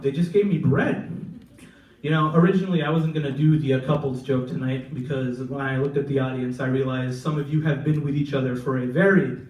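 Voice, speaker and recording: Young male comic, animated storyteller, slightly high voice, roomy distant live-venue sound. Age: young adult. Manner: animated, mimics family members with big voice jumps. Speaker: stand-up comedian. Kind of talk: stand-up comedy set. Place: live comedy venue with audience.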